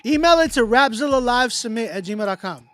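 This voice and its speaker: A man hosting a casual livestream, chatting with viewers in slang and often trailing off into quiet mumbles. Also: very high voice, expressive, a little fast, faint music behind. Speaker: livestream host running a song battle.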